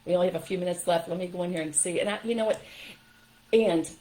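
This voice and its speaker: A woman's voice: on the low side, quick pace, warm tone, low-quality recording. An older woman giving firm, emphatic parenting advice straight to her viewers in a casual livestream talk.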